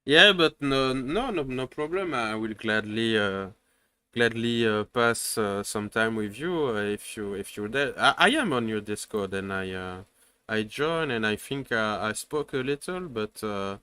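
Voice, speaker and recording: A man's voice: lowish voice, animated, unhurried, bright, forceful tone, smooth. A man with a French accent hosting a casual livestream chat, hesitant, with many fillers and restarts. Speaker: host.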